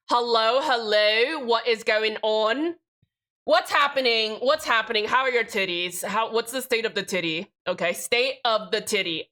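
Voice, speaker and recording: A bright, keen-edged young woman's voice, pitched a touch high, chatting away on a home live stream. She is bubbly and loose, swears freely and reads out chat as she goes. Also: expressive, moderate pace, soft background music.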